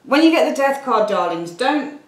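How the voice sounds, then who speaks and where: Her voice sits high with big pitch swings at a normal speed as this Birmingham-accented tarot reader, from Birmingham, England, works at a table in a room at home. She rambles chattily to camera, adds apologetic asides, and calls viewers darlings. The audio is reverberant and poor.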